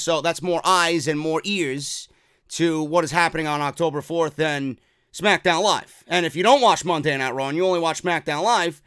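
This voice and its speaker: A man hosting a wrestling talk show, ranting in an excitable, profane, rambling way. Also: on the high side, clean tone, no echo. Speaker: wrestling podcast host. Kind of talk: casual opinion rant.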